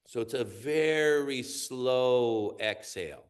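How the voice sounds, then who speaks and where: A middle-aged man teaching in a workshop, explaining and counting through a slow breathing exercise in a calm, measured way. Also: medium pitch, clean tone. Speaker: qigong teacher.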